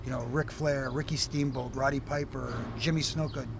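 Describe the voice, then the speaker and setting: A middle-aged Canadian man, a former referee, telling animated stories in a casual interview, with many fillers and restarts. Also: medium pitch, normal speed, creaky, background noise. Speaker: former wrestling referee, guest.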